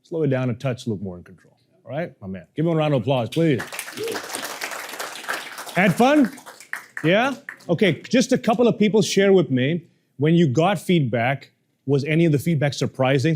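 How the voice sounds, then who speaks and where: A man, a public speaking coach, teaching a workshop to a live audience, energetic and playful, often quizzing the room. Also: medium pitch, a little fast, some chatter behind, a little hiss or hum.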